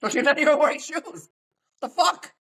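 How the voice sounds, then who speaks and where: A woman's voice: sits high, lively intonation, moderate pace, a crowd in the background. A woman co-hosting a podcast, joking brashly with profanity and the odd Spanish phrase in casual chat. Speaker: podcast co-host and comedian.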